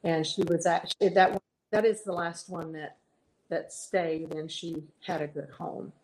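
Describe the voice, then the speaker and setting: Soft-spoken woman songwriter from Texas. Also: lowish voice, fairly even intonation, low-quality recording. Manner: soft-spoken, halting storyteller with fillers. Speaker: guest songwriter. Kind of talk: casual interview storytelling.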